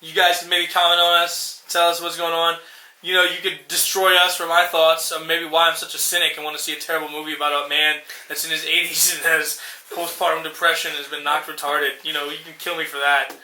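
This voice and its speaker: A man's voice: fairly high pitch, monotone, fairly quick, bright, forceful tone. A man co-hosting a podcast, ranting in a rambling, profane way and acting out scenes in mocking voices. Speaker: podcast co-host. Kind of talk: casual ranting chat. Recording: roomy echo.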